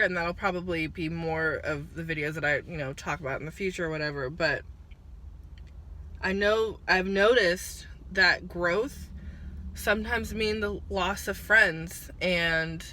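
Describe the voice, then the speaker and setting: Emotional vlogger, woman in her twenties, bright voice, halting and fighting back tears. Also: lowish voice. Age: 20s. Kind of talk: emotional personal vlog. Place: at work, on a break.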